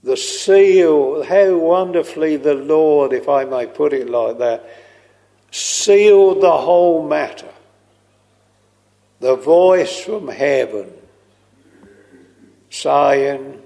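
A man preaching a slow, earnest sermon, tender and pleading as he quotes hymns. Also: a little high, animated, gravelly, warm tone. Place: church. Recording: long reverb of a large hall.

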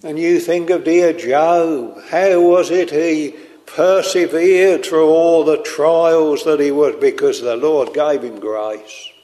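An older man preaching a sermon, telling stories in a slow, earnest way and drawing out quoted lines. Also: on the high side, dark tone. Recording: long hall reverb.

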